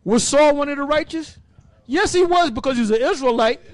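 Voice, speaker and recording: High-voiced man preaching casually. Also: a little fast, dry recording. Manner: rambling, restarts, emphatic. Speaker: Bible teacher.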